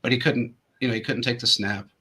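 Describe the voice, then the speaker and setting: Husky, bright-voiced male host spinning yarns. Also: mid-range voice, steady tone, brisk. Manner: rambling anecdotes full of restarts and fillers. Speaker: show host. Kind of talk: casual storytelling chat.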